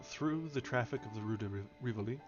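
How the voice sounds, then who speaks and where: A man's voice: mid-range voice, brisk. Man reading a novel aloud, lo-fi. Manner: stumbles and corrects himself on foreign names. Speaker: audiobook reader. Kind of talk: novel read aloud on a livestream. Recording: dull lo-fi with faint music.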